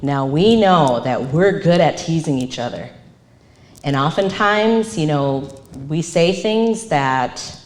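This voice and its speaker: A woman's voice: low voice, takes it slowly. A woman counselor giving a live presentation, acting out the phrases she quotes. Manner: animated, acts out quoted phrases. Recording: echoey room.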